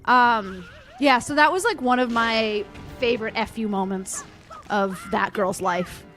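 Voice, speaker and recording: A woman with a somewhat high voice chats casually while co-hosting a let's play. She rambles through a gossipy story with blunt, dark humor. Faint game music plays behind her. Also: measured pace. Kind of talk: casual chat over gameplay.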